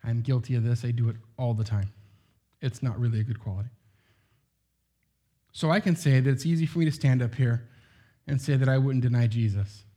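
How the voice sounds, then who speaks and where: A middle-aged man preaching a sermon, talking to his congregation like he's chatting with friends. He leans on filler words and rhetorical questions, keeping it loose and informal in a voice that sits at an ordinary male pitch. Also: fairly quick, dark tone. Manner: conversational, heavy use of "like" and rhetorical questions.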